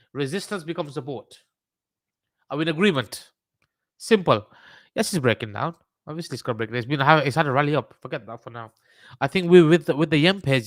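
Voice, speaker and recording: Slightly high and a bit bright, the voice belongs to a man from Birmingham streaming his trading session. He wanders casually through the charts, swearing and bantering with viewers, with clean studio sound and no room noise.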